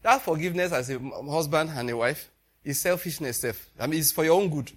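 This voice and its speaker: A man's voice: on the high side, lively intonation, a little fast. A man preaching a sermon in a loose, conversational way, often breaking into laughter as he tells stories. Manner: laughs often, chuckling storyteller. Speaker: pastor.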